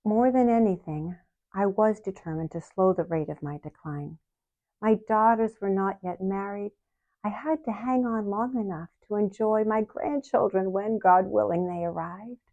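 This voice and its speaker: A woman in her sixties, the channel host, telling her personal story to camera in a slow, earnest way with soft laughs. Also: mid-range voice, narrow, tinny audio. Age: 60s.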